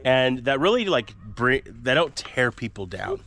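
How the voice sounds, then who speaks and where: A man's voice: medium pitch, very animated, measured pace, fairly bright tone, slight background noise. A man hosting a family vlog outdoors, chatty and rambling, with a self-deprecating manner. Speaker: vlog host and father. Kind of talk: casual vlog narration. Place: outdoors on a rural homestead.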